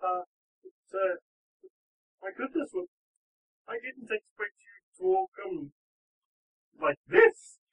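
A man's voice: high-pitched, lively intonation, slow, long pauses, fairly bright tone, voice pushed up, heavily acted. A man voicing a flustered young woman in danger, stammering as he plays her in a tabletop game. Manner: fluttery, stammering. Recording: tinny phone-like line.

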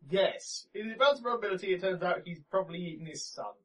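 A man's voice: sits high, fast talker. A man with a jokey, rambling way of talking, chatting casually with friends and recapping a tabletop game. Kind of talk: casual chat among friends. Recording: distant from the mic.

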